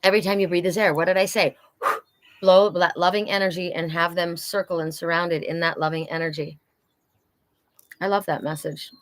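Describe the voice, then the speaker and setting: A woman's voice: fairly low pitch, a bit bright, poor audio. A woman doing a live oracle card reading, passing on spirit messages in an earnest, enthusiastic way.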